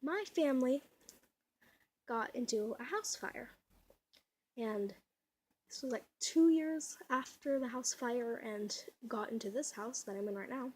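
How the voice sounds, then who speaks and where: Breathy young woman chatting on camera. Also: on the high side, a little slow, long pauses, darkish tone. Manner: chatty, giggly, rambling with many fillers. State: voice a little off. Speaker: vlogger. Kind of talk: casual home vlog. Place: at home indoors. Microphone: camera mic.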